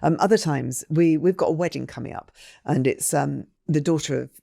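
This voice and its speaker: A woman's voice: a little fast, vocal fry, dark tone, no room sound, studio quality. Chatty woman co-host, laughing easily. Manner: emotional, laughs often, rising to high laughs. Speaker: podcast co-host. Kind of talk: casual chat.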